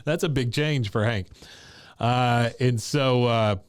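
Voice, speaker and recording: A man's voice: medium pitch, slow, clear, resonant tone, dry recording. A man co-hosting a podcast, casually retelling a cartoon episode scene by scene. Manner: retells scenes, quoting characters' lines. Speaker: podcast co-host recapping an episode. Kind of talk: casual episode recap chat.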